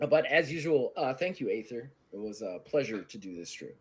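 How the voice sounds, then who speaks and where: A hoarse man narrating as game master in a tabletop game, animated and quick to laugh. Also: mid-range voice.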